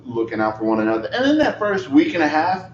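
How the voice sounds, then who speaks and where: Man, improv performer, candid animated monologue, echoey stage, muffled. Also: a little high, fast talker, a little hiss or hum. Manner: candid, animated, laughing between thoughts. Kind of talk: personal monologue in an improv show. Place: theater stage. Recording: echoey theater, dull sound.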